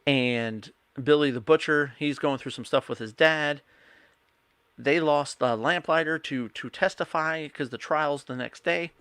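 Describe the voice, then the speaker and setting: Bright-voiced man recapping a show. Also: fairly high pitch, a little slow, smooth, no echo. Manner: rambling, retells scenes with quoted lines and restarts. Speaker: podcast host. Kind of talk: casual recap of a TV episode.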